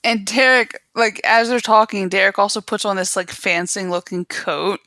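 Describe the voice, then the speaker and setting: A woman co-hosting a podcast, recapping a TV episode in casual chat with animated retelling and frequent laughter. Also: medium pitch, moderate pace, no echo. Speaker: podcast co-host.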